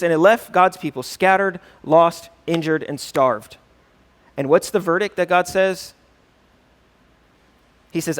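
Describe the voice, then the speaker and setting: Guy pastor with a fairly high voice teaching a class, chatty, keeps saying right?, reads scripture with punch. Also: normal speed. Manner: conversational, keeps asking "right?"; reads scripture aloud with rising emphasis.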